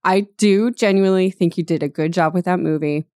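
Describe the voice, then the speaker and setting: A woman co-host with a fairly low voice and a sarcastic, animated way of talking. She reads passages aloud and jokes. The sound is dry and close to the mic. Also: brisk, no room sound. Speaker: podcast co-host. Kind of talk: casual chat, reading book passages aloud.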